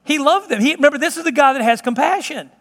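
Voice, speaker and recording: A man preaching a sermon in an emphatic, conversational way, at times dropping to slow, hushed tones. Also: very high-pitched, animated. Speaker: pastor. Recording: long reverb of a large hall.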